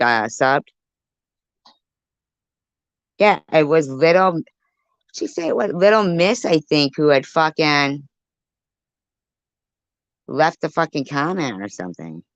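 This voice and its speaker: A woman's voice: deep voice, animated, a little slow, pauses often, no echo. A woman livestreaming a heated, profane rant, snapping back at people in her chat. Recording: dull lo-fi stream audio.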